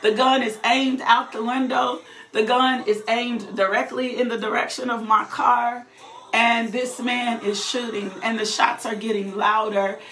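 Woman, fervent testimony, repeats herself, laughs through it, slightly high voice. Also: fairly even intonation, a little slow, a bit bright, slight background noise. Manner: repetitive, fervent, breaks into laughter. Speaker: testifying believer. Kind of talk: emotional personal testimony. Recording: roomy echo.

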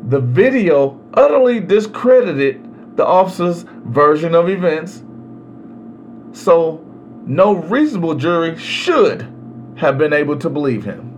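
A man hosting a podcast, giving a slow, emphatic solo commentary on legal rights with long pauses. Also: fairly high pitch, big pitch swings, slight background noise. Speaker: podcast host.

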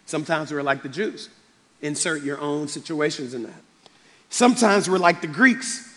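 A male pastor preaching a sermon with passion, swinging between loud outbursts and quiet, subdued stretches. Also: fairly high pitch, normal speed. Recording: long reverb of a large hall.

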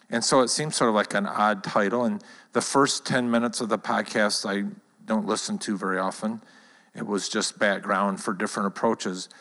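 A man's voice: lowish voice, fairly bright tone. A man leading a church talk, telling a personal story in a conversational way to his congregation. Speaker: church leader. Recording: long hall reverb.

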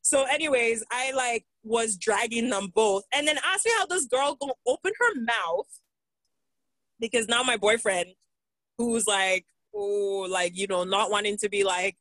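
A young woman tells a wild story as a podcast guest, animated and profane and quick to laugh. Her voice sits a touch high. The sound is dry and close, with no room echo. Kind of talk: casual storytelling chat.

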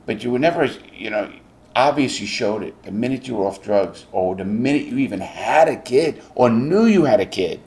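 A man's voice: mid-range voice, animated, normal speed, a little mellow. A middle-aged man interviewing a guest, blunt and emphatic, swearing freely. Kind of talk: casual interview.

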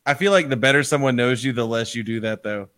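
A man's voice: mid-range voice, fast talker, fairly bright tone. A man co-hosting a podcast in casual chat, dry and teasing. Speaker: podcast co-host.

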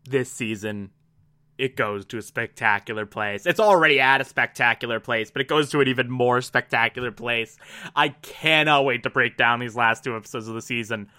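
Bright, gushing TV recapper. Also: mid-range voice, normal speed. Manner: gushing and animated, with sudden excited outbursts. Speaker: TV episode recapper. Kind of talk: excited casual recap.

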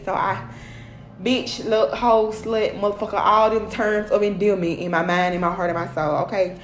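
A woman's voice: mid-range voice, a little hiss or hum. Blunt, profane woman in an echoey room. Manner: profane, blunt and preachy, heavy swearing and repeated "okay?" and "period". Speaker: tarot reader addressing her followers. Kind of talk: casual spiritual tarot reading.

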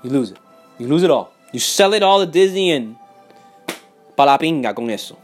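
Young male vlogger, heated rant, higher-pitched voice, soft music underneath. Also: animated, a little fast. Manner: heated, profane, repeats himself, swings loud and quiet. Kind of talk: profane casual rant. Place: home in Miami.

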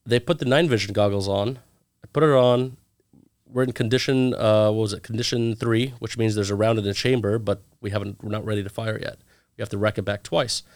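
Animated man telling stories in an interview. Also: on the low side, a little fast, no room sound. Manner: animated storyteller acting out quoted dialogue. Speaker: guest. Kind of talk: casual storytelling interview.

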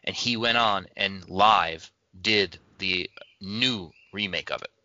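A man's voice: low-pitched, takes it slowly, pushed and bright, lo-fi sound, slight background noise. A man co-hosting a show, chatting casually and upbeat about an episode they are about to watch. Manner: chatty, upbeat, loose reaction commentary. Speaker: podcast co-host. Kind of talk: casual chat.

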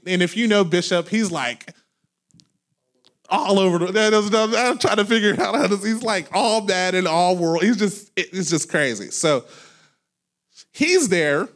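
A man in his thirties, a pastor preaching a sermon, loud and animated as he tells stories with laughs. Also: high voice, moderate pace. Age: 30s. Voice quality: loud talker. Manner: animated storytelling with laughs and acted quotes. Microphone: handheld microphone held away from mouth.

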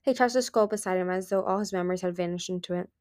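A woman narrating a fantasy novel aloud in a soft, even reading voice with small slips. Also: lowish voice, rapid-fire, no room sound, studio quality. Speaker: audiobook reader. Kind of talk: storybook narration.

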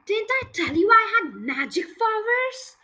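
Storybook role: a woman doing a boastful grandmother, slow scolding shouts, lively pitch. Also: heavily acted, poor audio.

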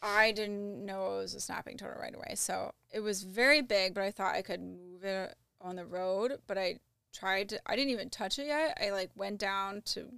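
Gravelly, bright-voiced woman. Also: mid-range voice, steady tone, normal speed, no room sound, clean studio sound. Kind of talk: casual chat.

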